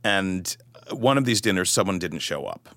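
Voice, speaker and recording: A middle-aged man with a low, deep voice tells his story as an interview guest. He is animated and self-deprecating and restarts his sentences often. His voice is recorded dry and close, with no room sound. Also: moderate pace, no echo. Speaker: guest, author.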